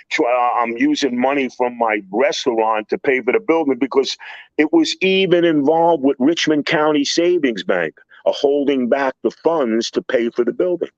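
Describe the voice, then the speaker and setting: A man's voice: medium pitch, dry recording, dull audio. An older man, a construction contractor, telling a profane story on a podcast with heated, acted-out quotes.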